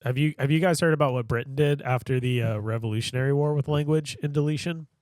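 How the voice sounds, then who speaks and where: Man rambling on a podcast, dead dry room, average pitch. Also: fast talker, darkish tone, no echo. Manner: rambling, tells stories in long run-on sentences. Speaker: podcast co-host. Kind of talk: casual chat.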